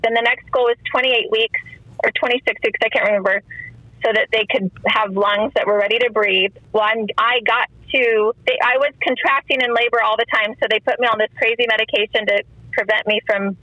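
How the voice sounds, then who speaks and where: A woman's voice: on the high side, steady tone, fairly quick, bright, forceful tone, dry recording, lo-fi sound. A middle-aged woman telling her personal story as a podcast guest, emotional and often acting out what others said. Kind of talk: personal testimony in a podcast interview.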